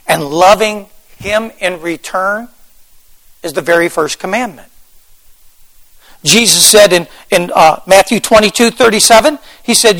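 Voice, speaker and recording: A man preaching a fervent sermon, repeating phrases and rising into shouts. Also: high voice, low-quality recording. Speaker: pastor.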